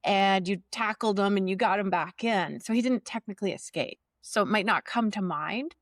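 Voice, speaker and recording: A woman podcast host and dog trainer explaining advice in a steady, clear way. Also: medium pitch, normal speed, no echo, studio quality. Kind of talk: podcast interview chat.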